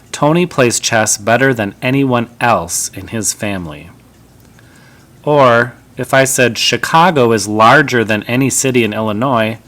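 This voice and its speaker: A man teaching a grammar lesson, explaining each example calmly and step by step. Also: lowish voice. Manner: calm, methodical explaining.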